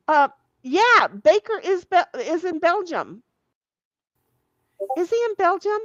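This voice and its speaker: A woman's voice: extremely high pitch, sing-song, slow, pauses often, no room sound, dull audio. A woman hosting a casual livestream, reading viewer comments aloud in a salty, giggly way and swearing freely. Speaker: livestream host.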